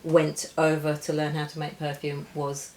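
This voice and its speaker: A woman's voice: low voice, completely flat delivery, moderate pace, background noise. A woman, chatting casually and rambling through a chocolate tasting while stumbling over French labels. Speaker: perfumer and co-host.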